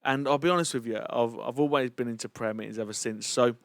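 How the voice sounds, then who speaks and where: A man's voice: medium pitch, fast talker, no room sound. A man tells a personal testimony in an earnest, chatty manner. His voice sits in an ordinary middle register, and the recording is dry with no room sound. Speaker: church leader.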